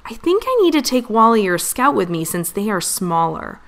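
An eager little kitten princess chatters away in a storybook reading, as a woman voices her. The voice sits a touch higher and swings with lively rises. She sounds bright and curious. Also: moderate pace.

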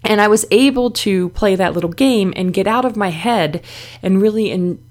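A woman's voice: medium pitch, moderate pace, a little mellow. A middle-aged woman hosting a self-help podcast, talking in a conversational way with many fillers and restarts. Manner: conversational, frequent "you know" fillers and restarts. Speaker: podcast host. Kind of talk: casual self-help talk.

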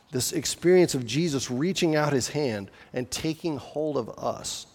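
A man's voice: mid-range voice, long reverb tail. A man preaching a sermon in an earnest, conversational way, often asking the listeners questions. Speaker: pastor.

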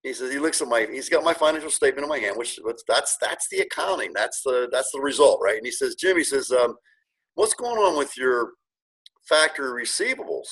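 A man's voice: medium pitch, expressive, brisk, fairly bright tone, breathy edge, poor audio. A middle-aged man telling his story as an interview guest, earnest and emotional, with many restarts. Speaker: guest, car dealership owner.

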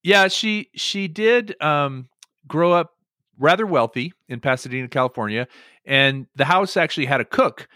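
A male podcast host telling stories in a lively way. His pitch rises and falls a lot, and his tone is bright and forward. The sound is dry and close to the mic. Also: normal speed, dry recording. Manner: animated storytelling with many fillers. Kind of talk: casual chat podcast.

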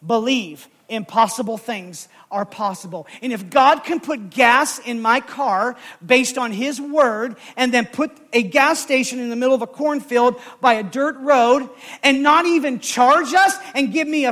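An emotional pastor tells a story in his sermon, with a voice strikingly high for a man that stays very high throughout. He speaks at a measured pace, shifting from hushed narration to shouted, fervent calls. Some chatter can be heard behind him.

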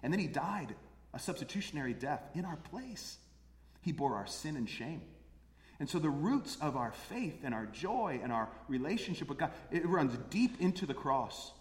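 A man's voice: fairly high pitch, big pitch swings, normal speed. A man preaching a sermon as pastor, earnest, repeating phrases for emphasis. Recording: echoey hall with long reverb.

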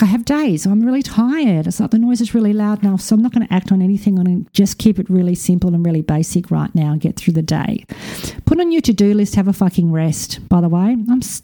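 Aussie woman, spiritual coach, straight-talking and sweary, warm mellow voice. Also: medium pitch. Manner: blunt, swears freely, animated asides. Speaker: podcast host. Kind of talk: casual spiritual talk.

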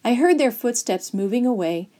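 A woman reading a story aloud to children as a storyteller, in a gentle, expressive manner. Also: on the high side, moderate pace.

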